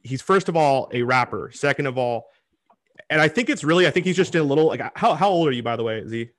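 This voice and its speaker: A man hosting a casual interview, giving his views in a halting way with lots of repeated words. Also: medium pitch, expressive, a little hiss or hum.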